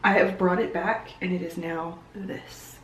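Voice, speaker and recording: A young woman talks through her day in a relaxed, upbeat vlog, thinking aloud as she goes. Her voice sits a little low. The room adds a noticeable echo, with a faint hiss underneath. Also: unhurried. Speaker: vlogger. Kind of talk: casual vlog chat. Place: home room. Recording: echoey room, faint noise.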